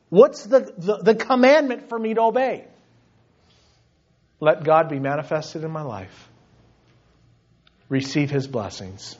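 A man's voice: high voice, a little mellow, muffled recording. A man preaching a sermon, acting out mock voices of complaining believers between points. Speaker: pastor.

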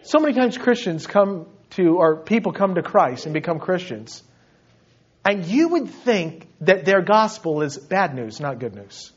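Slow husky-voiced preacher, a man. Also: high-pitched, very animated, lo-fi sound. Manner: preaching with mock voices of complaining believers. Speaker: pastor. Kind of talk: sermon.

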